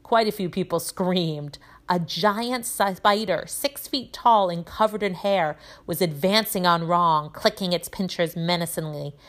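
A woman teacher reading a children's novel aloud, telling it in a lively way with voices for the characters. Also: lowish voice, a little slow, few pauses.

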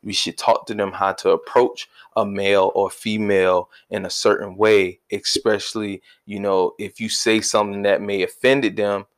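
A man co-hosting a casual conversational podcast, talking in a relaxed, colloquial way. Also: fairly low pitch, moderate pace, few pauses. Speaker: podcast co-host.

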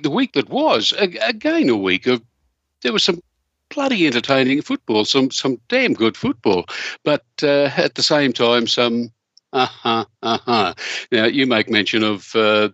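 A man's voice: mid-range voice, very animated, a little slow, fairly bright tone, no echo, muffled recording. A man with an Australian accent co-hosting a casual sports podcast, rambling and chuckling as he gives blunt opinions. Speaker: co-host.

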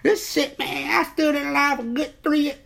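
A man's voice: extremely high pitch, fairly even intonation, normal speed, gravelly, voice pushed up, exaggerated voice. A man putting on an impression of a brash rapper, drawling and repeating himself. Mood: boastful. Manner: loud, drawling, repeating "cool".

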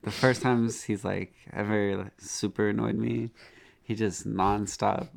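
Gravelly low-voiced young man. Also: little pitch movement, a little slow. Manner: laid-back, short agreeing remarks. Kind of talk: casual chat.

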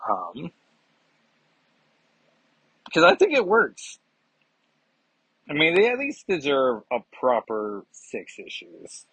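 A man's voice: a little high, huge pitch swings, takes it slowly, pauses often, fairly bright tone, breathy edge, no echo. A man giving a chatty, rambling comic book review, with self-mocking asides. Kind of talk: casual review vlog. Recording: dull lo-fi sound.

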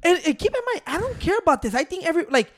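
High-pitched male co-host; opinionated, profane ranter who restarts his sentences. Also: very animated, very fast. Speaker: podcast co-host. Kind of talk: casual chat.

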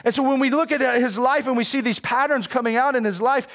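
Man, pastor, sermon, high voice, casual, animated, slangy. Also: fast.

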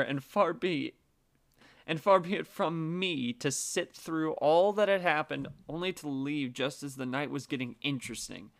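Man, story narration, slightly high voice, casual and wry. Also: a bit bright. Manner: casual, wry, swearing asides.

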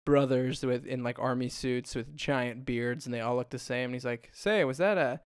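A man's voice: mid-range voice, completely flat delivery, normal speed, smooth, dry recording, studio quality. A young adult man co-hosting a podcast, casually retelling a comedy film with laughs and quoted lines. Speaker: podcast co-host. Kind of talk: casual chat.

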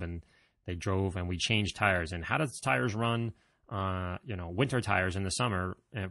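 A man with a low, deep voice tells a personal story straight to his audience. He rambles conversationally, correcting himself and throwing in self-deprecating jokes. The sound is dry and close, with no room around it. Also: fairly bright tone, dry recording. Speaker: vlogger.

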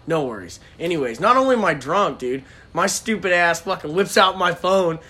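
Animated young man telling a story. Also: sits high, moderate pace. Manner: animated, laughing, profane storytelling. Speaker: podcast co-host. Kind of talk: casual storytelling.

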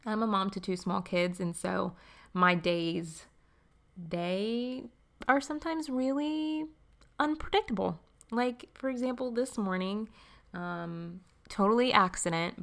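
A young woman hosting a devotional podcast, talking casually and warmly, often laughing and calling the listener friend. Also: mid-range voice. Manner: warm, chatty, laughs often, says friend. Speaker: podcast host.

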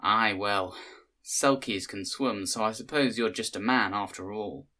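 A man's voice: lowish voice, measured pace, sharp tone. A man voicing a spirited, weary young woman, blunt and plain-spoken. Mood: wry. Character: young Scottish fisher-lass, spirited and weary.

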